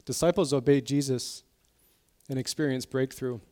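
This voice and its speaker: A man pastor giving a sermon in a conversational, emotional way, sometimes dropping to soft, intense tones. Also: medium pitch, normal speed. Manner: conversational preaching, acts out quoted voices.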